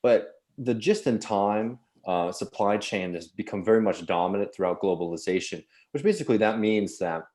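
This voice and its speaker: A man giving an explanatory commentary segment on a talk show, steady and full of fillers. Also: on the low side, moderate pace, hardly any pauses. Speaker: economics segment contributor.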